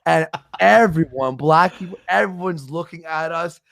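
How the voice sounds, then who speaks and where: A man with a gravelly, creaky voice, slightly higher than most men, telling loose, profane stories in a casual livestream chat. The sound is dry and close, with no room around it. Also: moderate pace, fairly bright tone, no room sound. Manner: profane, rambling storyteller.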